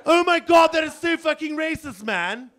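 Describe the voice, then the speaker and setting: A man voicing a snooty young male elephant who whines and shouts in outrage. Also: extremely high pitch, lively intonation, moderate pace, voice pushed up. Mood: outraged. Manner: whiny, outraged, shouting complaints.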